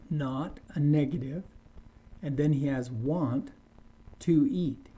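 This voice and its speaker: A man teaching English at a very slow, careful pace. His voice is dark and mellow as he lays out example sentences one at a time and explains the grammar between them. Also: a little high. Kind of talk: slow scripted grammar lesson.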